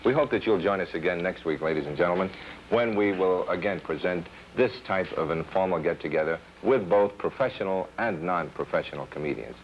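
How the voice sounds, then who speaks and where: A man's voice: sits low, fairly quick. A male host closing a comedy round-table show, thanking each guest and inviting viewers back next week. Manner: courteous, thanks guests one by one. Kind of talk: show sign-off. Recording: dull old TV recording with faint hiss.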